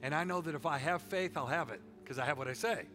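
A man's voice: on the high side, fast, bright, forceful tone. A middle-aged man preaching a sermon with a folksy, joking and emphatic delivery. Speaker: pastor.

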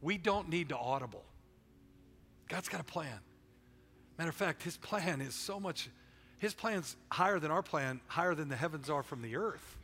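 A middle-aged man preaching a sermon as pastor, swinging between loud exhortation and quiet storytelling. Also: a little high, expressive, normal speed, creaky. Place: church sanctuary. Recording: long reverb of a large hall.

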